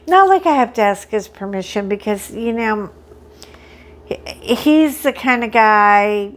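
Chatty, excitable woman host, slow and high. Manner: chatty, excitable, self-deprecating. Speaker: crafting vlog host. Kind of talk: casual chat while unboxing.

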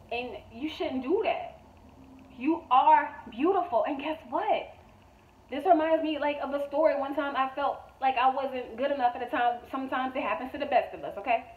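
Recorded from a distance, a woman with a high voice and a thin, echoey, phone-like sound gives a motivational vlog monologue. She's a manifestation coach whose delivery is blunt, profane, emphatic, and repetitive.

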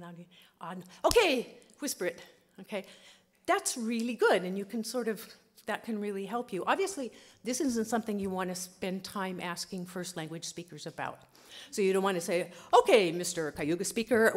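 A woman linguist giving a lively conference talk, often checking in with her audience. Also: mid-range voice. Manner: lively, animated teaching with many "okay?" check-ins. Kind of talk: lecture at a language conference. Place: conference hall.

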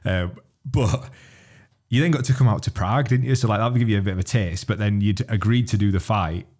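A man's voice: fairly low pitch, fairly quick, a little mellow. A man hosting a podcast, telling laughing, swearing anecdotes. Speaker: podcast host. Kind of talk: casual podcast chat.

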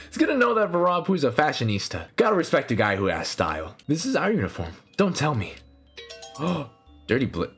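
A young man commentating a horror game, excitable and swearing, laughing often, yelping when startled, and chatting to the characters on screen. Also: a little high, husky. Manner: excitable, swears, jumps to loud startled yelps. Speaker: gaming channel host. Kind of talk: let's play commentary.

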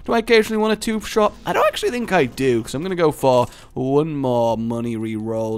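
A man giving casual let's-play commentary, excitable and gleeful, laughing often. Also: mid-range voice, normal speed, hardly any pauses, clean tone. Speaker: gaming commentator.

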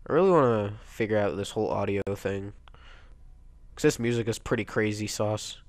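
Stuffy-nosed young gamer, quiet and rambling. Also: male voice, on the low side, moderate pace, dry recording. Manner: rambling, quiet, bursts into excited yelps. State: stuffy nose from a cold. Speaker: let's play gamer. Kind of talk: casual gameplay commentary.

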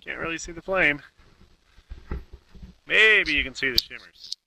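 A man's voice: fairly high pitch, lively intonation, a little slow, creaky. A man casually demonstrating a camp stove outdoors, rambling with lots of fillers. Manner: folksy, rambling, with many fillers. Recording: distant outdoor mic with background noise.

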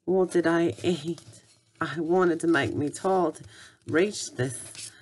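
A woman's voice: low voice, slow, background noise. A woman in a homemade comic skit, mumbling to herself as she goes.

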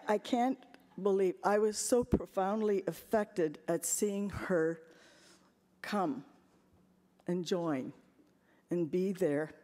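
A woman's voice: on the low side, dark tone, slight background noise. A woman giving an earnest, emotional personal testimony at a convention. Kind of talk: heartfelt personal story. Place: large convention hall. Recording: long hall reverb.

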